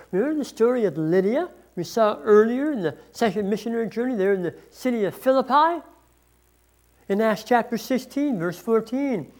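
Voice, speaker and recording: A pastor preaching a sermon, reading scripture passages aloud with emphasis and explaining them. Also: medium pitch.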